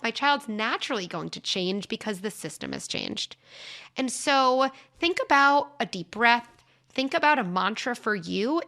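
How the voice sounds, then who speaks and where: A woman hosting an advice podcast on parenting, speaking in a calm, measured and reassuring way as she talks through reframes. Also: mid-range voice, creaky. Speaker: podcast host, parenting advisor.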